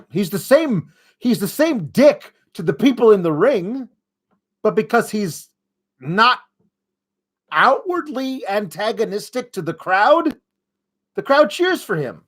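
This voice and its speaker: A young man hosts a casual wrestling recap podcast, talking a little higher than most men do. He is sarcastic throughout and mocks the people he talks about. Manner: sarcastic, mocking impressions of wrestlers. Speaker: podcast host.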